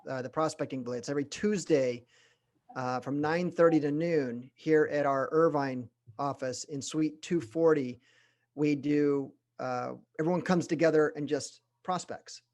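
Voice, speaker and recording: Speaking animatedly at a sales training session, a middle-aged man with a voice on the high side alternates quick and slow delivery and pauses for emphasis.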